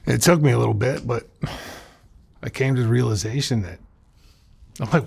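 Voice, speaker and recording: Husky man telling a blunt story. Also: mid-range voice, moderate pace, long pauses, darkish tone. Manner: blunt, profane, candid storytelling. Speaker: interview guest. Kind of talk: personal life story in a sit-down interview.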